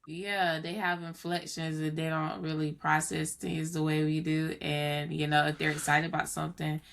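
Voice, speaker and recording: Bright-voiced woman, pushing back in debate. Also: low voice, moderate pace, creaky. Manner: animated, pushes back, drawls. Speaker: podcast co-host. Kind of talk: casual debate.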